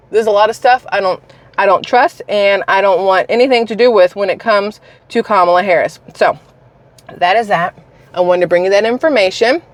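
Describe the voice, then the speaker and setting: A woman vlogger talks straight to her viewers in a casual, scornful rant, hitting her points hard. Her voice sits at an ordinary middle pitch. It is recorded close and dry, with no room sound. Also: no room sound. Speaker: political commentary vlogger. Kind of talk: casual opinion rant to camera.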